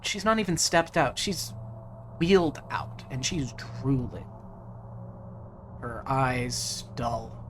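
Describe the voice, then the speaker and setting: A man narrating as game master, unhurried and dropping in frequent fillers. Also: medium pitch, expressive, fairly bright tone, a little hiss or hum.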